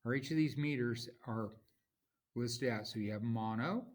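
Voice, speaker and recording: A man teaching a recorded lesson, explaining in a slow, informal way and correcting himself as he goes. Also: medium pitch. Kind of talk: recorded lecture.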